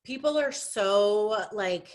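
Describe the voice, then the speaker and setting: A woman's voice: mid-range voice, animated, takes it slowly. A young woman giving a casual, chatty training for her sales team over a video call, full of fillers, restarts and jokes at her own expense. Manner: chatty, self-deprecating, many fillers and restarts.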